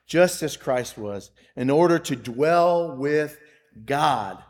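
A man's voice: fairly high pitch, expressive, slow pace, a little mellow. A man preaching a sermon, reading scripture with rising emphasis and often repeating his phrases. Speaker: pastor.

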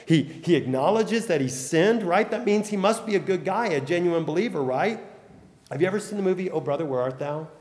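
A man's voice: high-pitched, animated, a little fast, darkish tone. A man preaching a sermon in a conversational storytelling way, sometimes repeating words as he thinks. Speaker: pastor. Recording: long hall reverb.

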